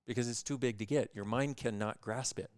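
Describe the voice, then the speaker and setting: A man appearing as a guest, telling stories in an animated way and acting out other people's voices as he goes. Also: mid-range voice, brisk, clear, resonant tone. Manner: acts out other people's voices in lively quoted dialogue. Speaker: guest speaker on consciousness. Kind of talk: animated storytelling in conversation.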